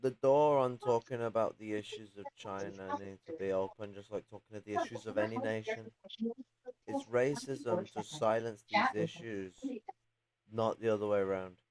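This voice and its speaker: A man's voice: fairly low pitch, animated, normal speed, a crowd in the background, poor audio. A man co-hosting a casual political chat, speaking in an offhand, conversational way. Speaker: podcast co-host.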